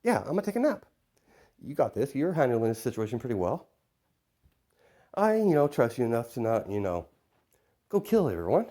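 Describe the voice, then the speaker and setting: A man's voice: mid-range voice, very animated, moderate pace, long pauses, mellow, pitched above the performer's own voice, natural voice. A man voicing a sleepy, easygoing teenage boy's inner voice, offhand and rambling. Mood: drowsy, teasing.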